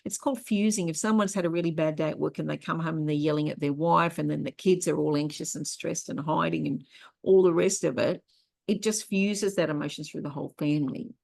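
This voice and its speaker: A woman's voice: low voice, steady tone, brisk, gravelly, darkish tone. A middle-aged woman hosting an online workshop, teaching in a conversational way and telling personal stories. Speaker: workshop host and therapist.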